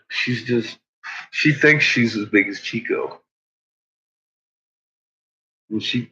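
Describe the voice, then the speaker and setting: A man's voice: on the low side, fairly bright tone, breathy edge, muffled recording. A man chatting in a rambling way about his dogs, chuckling often and cooing at them. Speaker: dog owner vlogger. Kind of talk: casual rambling chat.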